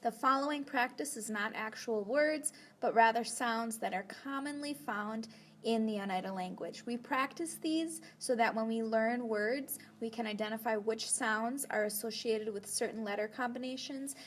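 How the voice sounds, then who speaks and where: A young adult woman giving a spoken language lesson, slowly and carefully pronouncing each sound for learners to repeat. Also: on the high side, slight background noise. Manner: slow, careful, clearly enunciated. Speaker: language teacher.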